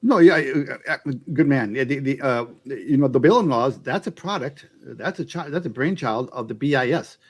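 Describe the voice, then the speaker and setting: A man's voice: medium pitch, normal speed, hardly any pauses. A man talking in a casual podcast chat, often restarting his sentences with fillers before making emphatic points. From United States. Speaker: YouTube channel host.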